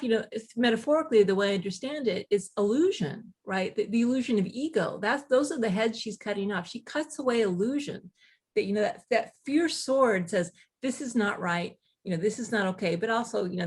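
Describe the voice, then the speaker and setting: A woman guest author telling stories in casual conversation, animated, with quick asides and laughter. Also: mid-range voice, husky.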